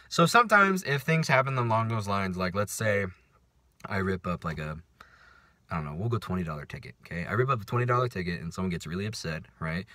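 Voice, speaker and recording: Guy ranting on his vlog, cussing a lot, bright lively voice, dry sound. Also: fairly low pitch, dry recording. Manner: profane, ranting, sarcastic. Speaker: vlogger. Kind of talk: casual storytime rant.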